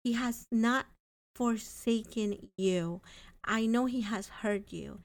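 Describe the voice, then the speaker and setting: Woman on a faith podcast, talks slow and earnest, reads psalms out. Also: medium pitch. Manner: earnest, reads scripture slowly. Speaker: podcast host. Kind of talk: faith-based podcast talk.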